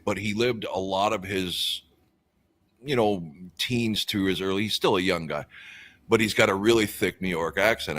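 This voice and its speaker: Very deep-voiced man musing on a stream. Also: a bit bright. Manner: rambling, musing aloud with many fillers. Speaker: stream co-host reading out chat comments. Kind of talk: casual live-stream chat.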